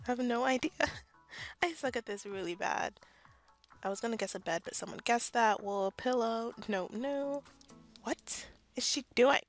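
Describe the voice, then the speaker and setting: A woman's voice: fairly high pitch, normal speed, soft background music. A young woman casually commenting on her gameplay, chatty and self-deprecating, often laughing. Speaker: gaming YouTuber. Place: bedroom at home.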